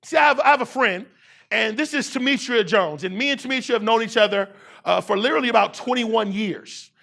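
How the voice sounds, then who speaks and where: A man's voice: extremely high pitch, fairly quick, creaky, pushed and bright. A man around forty giving a motivational keynote speech, using call-and-response with the audience in a repetitive preaching cadence. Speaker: keynote speaker. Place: university event hall.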